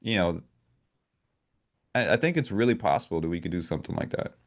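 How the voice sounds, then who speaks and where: Brief: male co-host, low voice, thoughtful and halting, dry wit. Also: expressive. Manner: measured, hesitant, with fillers and dry humor. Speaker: podcast co-host. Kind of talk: casual political talk.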